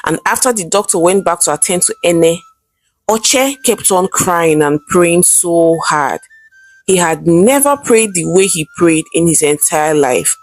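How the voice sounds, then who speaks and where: A woman's voice: lowish voice, unhurried. Woman telling a folktale. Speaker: storyteller. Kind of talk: storytelling narration. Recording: faint background music.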